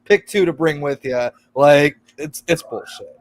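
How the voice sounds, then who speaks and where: A man in casual chat while watching a film with friends, animated and laughing, acting out characters' lines. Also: a little high, unhurried, no room sound. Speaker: movie reviewer at a watch party.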